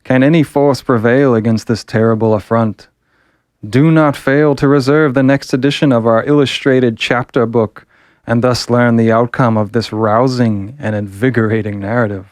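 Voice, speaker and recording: A man's voice: mid-range voice, fairly even intonation, normal speed, darkish tone, dry recording, studio quality, natural voice. A man voicing a pompous male Victorian serial announcer, declaiming theatrically. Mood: grandiose.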